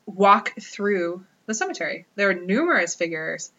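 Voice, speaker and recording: A woman's voice: medium pitch, sing-song, normal speed, bright, forceful tone, muffled recording. A woman co-hosting a podcast, telling ghost stories in a wry, joking, casual way. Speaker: podcast co-host. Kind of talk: casual chat.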